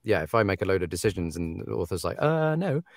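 A man's voice: sits low, very fast, vocal fry, dry recording, studio quality. A man, an audiobook narrator, chatting casually and laughing often. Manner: animated, laughing, acts out quoted authors. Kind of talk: casual podcast chat.

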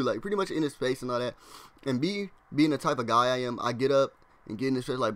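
A young man telling a storytime on his vlog, loose and slangy. He leans on "like" constantly and keeps breaking into quick impressions of his classmates. His voice sits at an ordinary middle pitch for a man. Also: a bit bright, no room sound. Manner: rambling slangy storytelling, heavy use of "like". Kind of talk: casual storytime narration.

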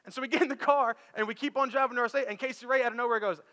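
A middle-aged man, preaching a sermon and telling a story in a loose, conversational way that climbs to animated peaks. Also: very high voice, very fast, noisy background. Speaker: pastor. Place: church sanctuary. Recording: long reverb of a church hall with faint music.

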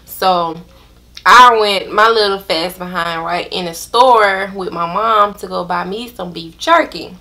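A young woman, telling a storytime to her viewers in an animated, drawn-out way. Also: mid-range voice, creaky. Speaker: vlogger. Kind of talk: casual storytime chat.

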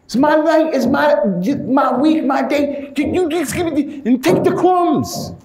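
Man putting on a jealous wife, shrill high voice, indignant complaining, echoey room. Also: unhurried, darkish tone. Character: jealous wife demanding all his time.

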